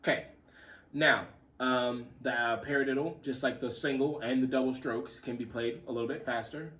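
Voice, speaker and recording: A drum teacher gives a casual spoken lesson with demonstrations, explaining as he plays and counting the sticking aloud. He is relaxed and repeats himself; his mid-range voice at a moderate pace sounds far from the mic.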